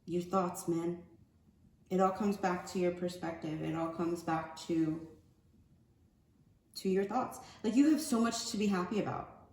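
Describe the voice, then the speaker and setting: She speaks unhurriedly in a slightly mellow voice on the low side, pausing often. This woman, a spiritual card reader, gives a casual, rambling, slang-filled oracle card reading in an echoey room with faint ambient noise.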